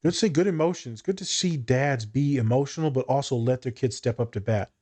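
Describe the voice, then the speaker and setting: A man's voice: medium pitch, brisk, darkish tone. A man co-hosting a casual podcast chat, telling blunt, profane stories about his work as a therapist.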